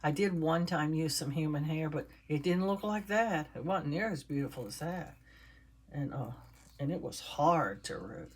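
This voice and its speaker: Chatty older woman, husky voice. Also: deep voice, animated, normal speed. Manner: chatty, talks while working with her hands. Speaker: doll maker. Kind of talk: casual crafting vlog.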